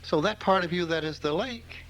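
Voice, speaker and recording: A man's voice: high-pitched, moderate pace, crowd noise, low-quality recording. An older man from rural Mississippi gives an informal spiritual talk, telling stories in a folksy way and chuckling often. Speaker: spiritual teacher.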